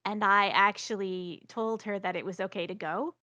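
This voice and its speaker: A woman speaks as a podcast guest, sharing personal stories with earnest feeling. Her voice sits at a medium pitch and is recorded dry and close, with no room sound. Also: steady tone, moderate pace, sharp tone, no echo. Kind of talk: casual podcast chat.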